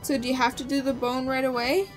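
A young woman with a fairly high voice, teasing her partner and giggling as he plays. Her chat is loose and playful, with faint game music behind. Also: little pitch movement, quick pace. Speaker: co-host. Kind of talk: casual gameplay banter.

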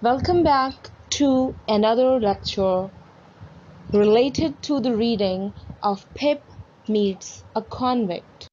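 A woman teacher introducing a recorded lecture in a formal, measured way. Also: on the high side, a little mellow. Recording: dull lo-fi audio, faint noise.

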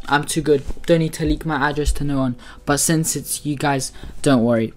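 A man's voice: on the high side, fairly even intonation, normal speed, hardly any pauses, soft background music. A man giving casual gaming commentary as a YouTuber, boastful and hyped, full of slang.

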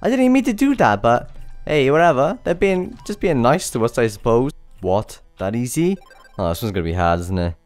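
A man playing a stressful game and commenting, swearing and yelling frantic exclamations as he goes, sounding out of breath. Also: medium pitch, very animated, a little fast, faint music behind. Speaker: gaming channel host. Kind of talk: let's play commentary.

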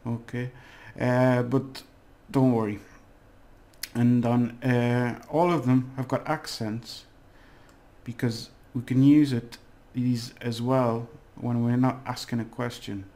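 A man's voice: mid-range voice, flat delivery, takes it slowly, warm tone. A man teaching a casual video lesson, rambling and hesitant, with fillers and small jokes. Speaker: language teacher.

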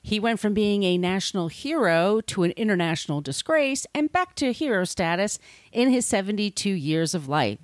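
A woman's voice: medium pitch, animated, moderate pace, dry recording. A woman hosting a podcast in a casual, irreverent way, swearing freely. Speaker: podcast host.

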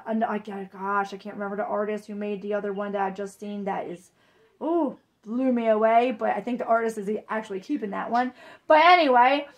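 A woman vlogger chatting casually, gushing and rambling with excitement over a new arrival. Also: sits high. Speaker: reborn doll vlogger. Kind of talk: excited casual vlog chat.

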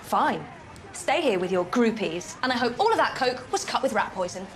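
A woman's voice: on the high side, animated, normal speed, music in the background, lightly acted. An actress playing a dry, sarcastic young British woman in a sitcom.

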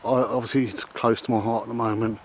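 A man's voice: mid-range voice, little pitch movement, slight background noise, rough recording. Breathless man vlogging outdoors in rain. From England. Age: middle-aged. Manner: halting, many ums and uhs, subdued. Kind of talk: casual vlog to camera.

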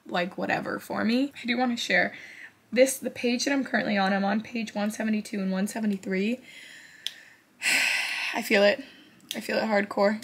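A woman's voice: mid-range voice, creaky, a bit bright, husky. A woman book vlogger talking casually and candidly, swearing now and then, and reading passages aloud with feeling.

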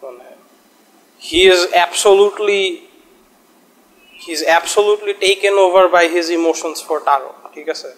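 Fast-talking man. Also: sits high, rough recording. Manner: switches between English and Bengali, halting with fillers. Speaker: podcast co-host. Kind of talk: casual discussion.

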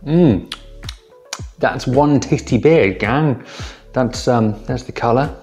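A young man hosts a casual beer-tasting vlog on his channel, talking straight to viewers and calling them guys and team. He's chatty but a little hesitant, with ums, speaking slowly in a mid-range, slightly mellow voice over soft background music.

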